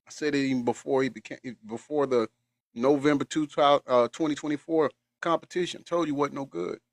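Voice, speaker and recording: A man's voice: mid-range voice, fairly even intonation, a little fast, dry recording. A man co-hosting a live stream who talks emphatically, repeats his points and thanks viewers in chat. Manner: emphatic, repeats himself, colloquial.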